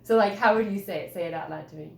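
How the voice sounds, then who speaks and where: A woman teacher holding a one-on-one writing conference with a student, patient and encouraging, coaxing with gentle questions. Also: on the low side, very fast, vocal fry, a little hiss or hum. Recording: roomy echo.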